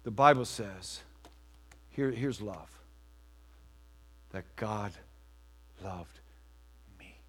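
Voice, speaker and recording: A man preaching a sermon as pastor in a church, rising to loud emphatic lines and dropping to a hushed near-whisper. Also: lowish voice, extremely slow, long pauses, husky.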